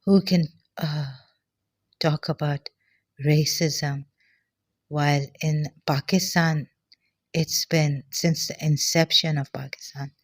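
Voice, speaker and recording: A woman giving an earnest personal monologue, short of breath, halting and often trailing off softly. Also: deep voice, steady tone. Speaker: vlogger.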